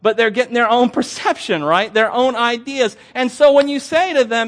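A young man preaching a sermon, telling stories in an animated, self-deprecating way with frequent laughs. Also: very high voice, normal speed. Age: young adult. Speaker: pastor.

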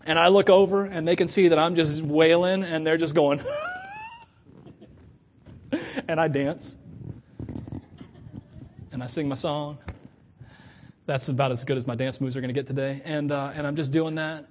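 A middle-aged man preaching a sermon to his church in a chatty, animated way, laughing often and acting out quoted voices. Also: fairly high pitch, normal speed, pauses often, a little hiss or hum. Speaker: pastor.

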